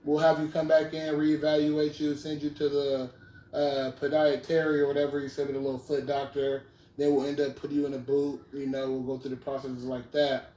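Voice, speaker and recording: Young man, podcast host, slangy animated storytelling, higher voice, roomy sound, distant mic. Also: a little fast. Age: 20s. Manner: slangy, animated retelling, keeps saying "you feel me". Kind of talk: casual storytelling chat.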